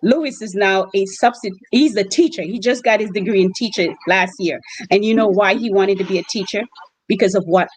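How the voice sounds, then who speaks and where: This host mom for exchange students has a mid-range voice and a brisk delivery, captured on a low-quality recording. Sharing stories in an interview, she is an animated storyteller who acts out what people said.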